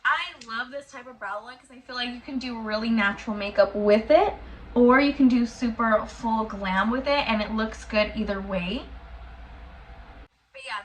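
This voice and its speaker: A woman's voice: a little high, fairly bright tone. A young woman vlogger talking casually to the camera in a chatty, effusive way, indoors at home. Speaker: beauty vlogger.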